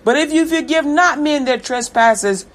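A woman's voice: high voice, moderate pace, natural voice. A woman voicing God in her sermon as a loving deity who talks in a slangy, casual way. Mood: reassuring. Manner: slangy and casual, tender reassurance.

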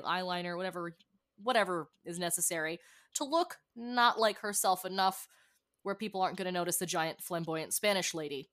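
A woman's voice: medium pitch, a bit bright. A woman playing in a tabletop role-playing game who speaks in a bubbly, theatrical way and talks directly to the listeners. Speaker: player. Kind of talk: tabletop game player chat.

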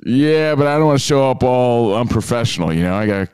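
A man's voice: mid-range voice, expressive, fast, darkish tone, clear, resonant tone, no echo, studio quality. A man hosting a casual chat show from a hotel, joking crudely and swearing freely. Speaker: show host. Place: hotel in Las Vegas.

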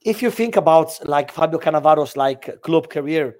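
Man, fairly high voice. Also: expressive, normal speed, a little mellow. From Italy. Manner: playful, laughs often, hesitant English with fillers. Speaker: podcast co-host. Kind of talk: live football podcast chat.

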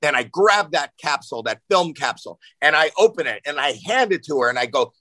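A man in his sixties, a podcast guest, telling animated stories with lots of fillers and restarts. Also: fairly high pitch, fairly quick, no echo, poor audio. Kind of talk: casual storytelling.

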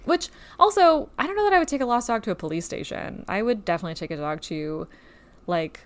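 A woman's voice: a little high, lively intonation, fast talker. Chatty woman recapping a book. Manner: chatty, lots of "like" and "you know" fillers. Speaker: podcast co-host. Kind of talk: casual book discussion.

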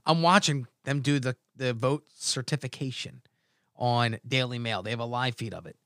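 A middle-aged man hosting a podcast, telling animated stories full of swearing and acting out what others said. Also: medium pitch, normal speed, no echo, studio quality. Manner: animated storytelling, swearing, acts out quotes. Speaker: podcast host. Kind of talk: casual podcast banter.

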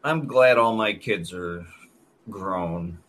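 A man's voice: deep voice, fairly bright tone, a little hiss or hum. A middle-aged man hosting a podcast, joking around and swearing casually. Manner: joking, slow and drawn-out, salty language. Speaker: podcast host. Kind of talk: casual chat.

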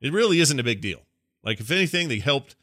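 A man hosting a podcast, chatting casually, relaxed and rambling with easy laughs. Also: mid-range voice, fast, dry recording, studio quality. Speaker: podcast host.

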